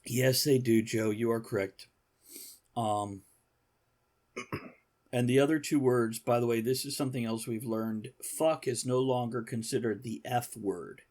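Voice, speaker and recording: Husky-voiced man hosting a podcast. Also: mid-range voice, fairly even intonation, unhurried, a little mellow. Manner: joking, rambling, laughs often. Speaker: podcast host. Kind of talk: casual chat.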